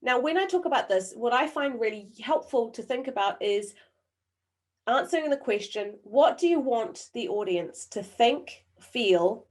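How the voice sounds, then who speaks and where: Woman with a softened New Zealand accent. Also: a little high, lively intonation. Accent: New Zealand, softened by years abroad. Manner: engaging, quizzes the audience through the chat; deliberate, with frequent pauses and fillers. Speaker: webinar presenter. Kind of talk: online training webinar.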